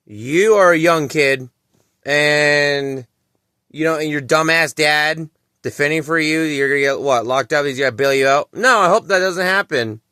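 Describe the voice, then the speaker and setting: A man's voice: fairly high pitch, measured pace, bright, forceful tone, smooth, no room sound, studio quality. A man in his late twenties ranting angrily to camera in a vlog, cursing often and repeating himself. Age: 20s. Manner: heated, profane, repeats himself. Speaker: vlogger. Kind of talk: angry ranting commentary to camera.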